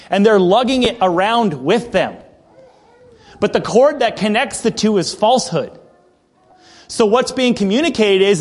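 A man preaching a conversational sermon, reading scripture aloud and explaining it with casual asides. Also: sits high. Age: adult. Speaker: pastor. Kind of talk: expository sermon.

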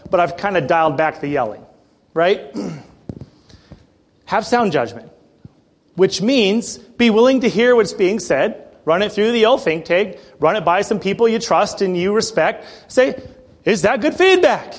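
A man preaching a sermon in a church, passionate, with joking asides and frequent throat clearing. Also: high-pitched, lively intonation, a little slow.

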